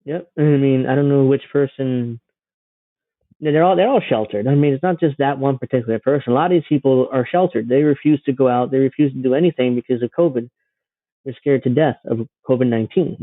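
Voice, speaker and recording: A man's voice: mid-range voice, a little fast, dry recording, narrow, tinny audio. A man hosting a livestream, giving sarcastic, rambling political commentary. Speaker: livestream host.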